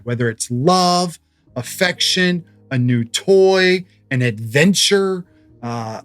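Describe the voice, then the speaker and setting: A man's voice: mid-range voice, no room sound. A man in his thirties preaching a sermon as pastor, in a conversational way, telling stories with humor.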